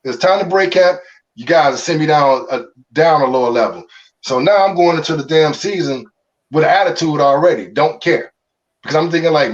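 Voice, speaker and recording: A man's voice: on the high side, expressive, normal speed, far from the mic, highs cut off. A middle-aged man from Chicago, a former pro ballplayer, telling his story in an interview with loose slangy talk and frequent restarts. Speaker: former pro baseball player, guest.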